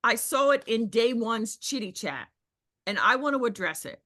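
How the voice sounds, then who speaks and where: High, lively woman coaching a group. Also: moderate pace. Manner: emphatic, with high squealing impressions of others. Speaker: business coach leading a group call. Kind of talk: animated coaching talk.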